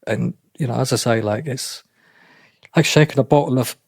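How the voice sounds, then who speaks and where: A middle-aged man speaks haltingly, often circling back and repeating himself. His voice sits at an ordinary pitch. The sound is dry and close, with no room echo. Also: gravelly, breathy edge. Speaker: interview guest. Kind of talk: emotional personal account.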